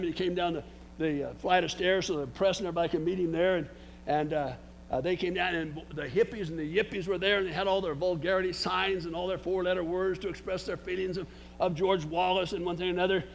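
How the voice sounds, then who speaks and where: A man's voice: sits high, gravelly, a little hiss or hum. An older man preaching a sermon, emphatic, with frequent restarts and words spelled out for emphasis.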